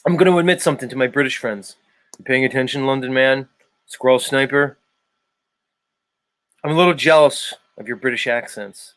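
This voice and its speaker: A man with a South Philadelphia accent hosting a live stream, chatting casually with viewers in a playful way, swinging his pitch and volume and drawing out words. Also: moderate pace, pauses often, fairly bright tone, dry recording. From United States. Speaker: live show host.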